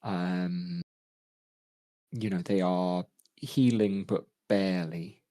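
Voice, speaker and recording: Unhurried man running a tabletop game. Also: low-pitched, fairly even intonation, dark tone, dry recording. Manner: measured, thoughtful, with frequent ums. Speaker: game master.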